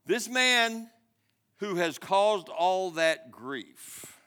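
Brief: a bold, defiant shepherd boy, as a preacher retells him, high and lively voice. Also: very slow, clean tone, heavily acted.

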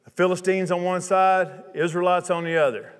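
A man preaching a sermon, retelling a Bible story in a casual, lively way with chatty asides. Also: sits high, normal speed, smooth, big-room sound.

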